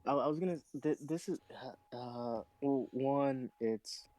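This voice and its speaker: A man's voice: mid-range voice, a little slow, a little mellow, no echo, poor audio. A man in a casual group discussion, laying out his points step by step with careful hedging. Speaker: podcast co-host.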